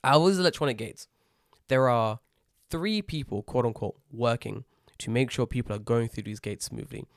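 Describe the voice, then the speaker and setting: A young British man co-hosting a podcast, telling an animated, swear-heavy story in casual chat. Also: medium pitch, normal speed, no echo, studio quality. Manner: rising to loud exasperated outbursts. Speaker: podcast co-host.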